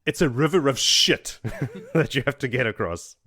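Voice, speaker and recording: A man's voice: medium pitch, expressive, normal speed, sharp tone, husky. A man casually recapping a fantasy book chapter by chapter on a podcast, rambling and laughing as he acts out the characters' lines. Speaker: podcast host.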